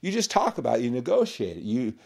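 A man hosting a podcast, talking straight to the listener in an animated, emphatic monologue full of "right?" and "you know". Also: medium pitch, fast talker, creaky, slightly rough. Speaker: podcast host and coach.

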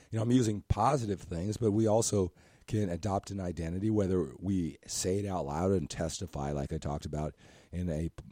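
A hoarse, scratchy-voiced man hosting a motivational podcast, talking earnestly in a rambling way and often asking "right?". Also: fairly low pitch, mellow, no room sound, clean studio sound. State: hoarse from talking too much. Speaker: podcast host and coach.

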